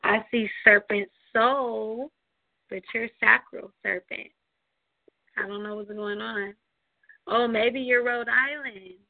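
This woman hosts a community call in a slow, easygoing way. Her voice has a gravelly fry and lots of laughter. The sound is dry and narrow, like a phone line. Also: on the high side, fairly even intonation, dry recording. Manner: loose and chatty, laughs often. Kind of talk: casual online call hosting. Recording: tinny phone-line audio.

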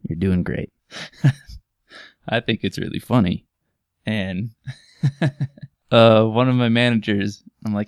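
A man's voice: on the low side, fairly even intonation, unhurried, creaky, a little mellow, clean tone, no room sound, clean studio sound. A man hosting a podcast, telling goofy stories in a casual comedic monologue and laughing often at his own jokes. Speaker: podcast host.

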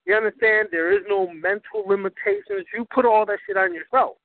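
A man's voice: high voice, sing-song, fairly quick, vocal fry, no echo, phone-quality sound. A man hosting a talk show on spirituality. He talks emphatically, swears freely and keeps asking his listeners whether they understand. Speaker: host.

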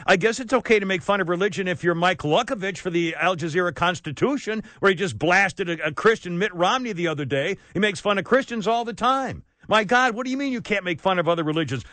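A man hosting a talk radio show, ranting with sarcasm and indignation, swinging between loud outbursts and low asides. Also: no room sound. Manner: indignant, sarcastic, rants loudly then drops low. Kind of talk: opinionated talk radio monologue.

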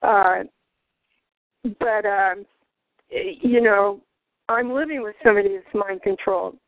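A woman phones in to a talk show, hesitant and apologetic, her words full of small pauses. The line is thin and tinny, with a dry, close sound. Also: mid-range voice, no echo. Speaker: caller.

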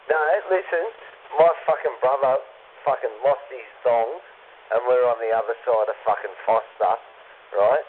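Swearing Australian man over crackly CB radio. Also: mid-range voice. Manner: swearing, rambling, laughs often. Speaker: CB radio caller. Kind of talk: casual banter over CB radio. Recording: tinny CB radio with hiss.

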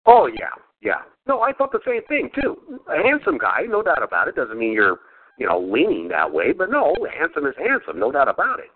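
High-voiced, rambling man on a tinny line. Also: huge pitch swings, a little fast. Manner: rambling, laughs often, crude. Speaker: podcast host. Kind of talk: casual chat. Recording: phone-like lo-fi sound.

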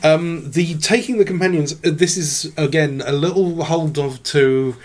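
A man's voice: on the high side, unhurried. A man co-hosting a podcast in casual chat, wry and dry, slipping jokey mock lines into his talk. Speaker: podcast co-host.

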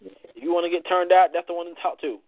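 A man hosting a casual talk show, bantering loudly and playfully, preaching at listeners with plenty of cursing. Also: high-pitched, monotone, fast, slight background noise. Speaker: poetry show host. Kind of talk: casual radio-style chat. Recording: dry, phone-like audio.

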